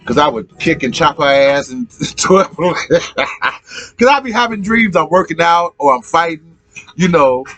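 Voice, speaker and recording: Animated profane middle-aged man. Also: fairly high pitch, a little slow, soft background music. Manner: profane, animated, repeats himself. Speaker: podcast host. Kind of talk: casual storytelling.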